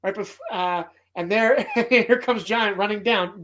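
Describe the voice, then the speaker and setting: A man hosting a casual movie podcast, retelling film scenes with animated, profane, emotional enthusiasm. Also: sits high, takes it slowly, few pauses. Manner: emotional, choked up at times. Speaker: podcast host.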